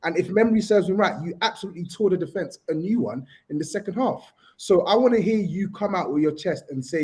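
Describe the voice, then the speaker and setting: High-voiced man arguing football hard. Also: expressive, fast, hardly any pauses, a little mellow. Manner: argumentative, talks over others, insistent repeats. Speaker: podcast co-host. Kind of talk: heated football debate.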